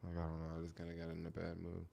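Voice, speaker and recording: A man's voice: low-pitched, monotone, racing, vocal fry, mellow, slight background noise. A young man chatting casually on a live stream, rambling with lots of fillers and answering viewer comments.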